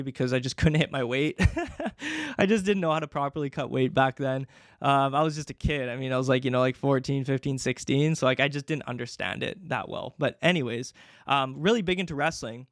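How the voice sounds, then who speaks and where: A man's voice: mid-range voice, no echo, studio quality. A young man from Canada hosting a podcast, telling his story casually with many fillers. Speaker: podcast host.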